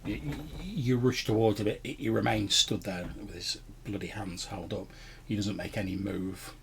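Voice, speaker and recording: Male game master, low and gravelly, stammery storyteller. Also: normal speed, a bit bright, a little hiss or hum. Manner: stammering repetitions, descriptive. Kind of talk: narrating a tabletop game.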